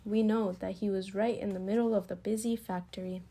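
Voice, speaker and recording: A woman reading a picture book aloud, expressive, slowing and lifting her voice for emphasis. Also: medium pitch, vocal fry. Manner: expressive, slows and rises for emphasis. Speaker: storybook reader.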